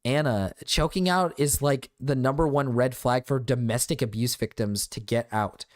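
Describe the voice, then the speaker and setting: A male streamer reacting live, talking fast and loose, stumbling over his own words and swearing as he goes. His voice sits in a middle register, recorded close and dry with no room sound around it. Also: medium pitch, no echo. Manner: excitable, stammering, swears often.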